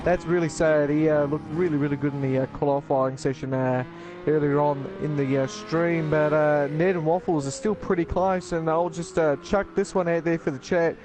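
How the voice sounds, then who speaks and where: A man as co-commentator on a sim race, talking casually with many pauses and fillers. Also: a little high, steady tone, over music. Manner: casual, hesitant, full of fillers. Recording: noticeable background noise.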